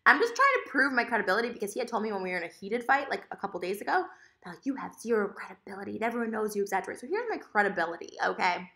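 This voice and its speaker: A young woman vlogging at home, telling her side of a story in a fast, animated, sassy rant. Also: mid-range voice. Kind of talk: casual vlog monologue.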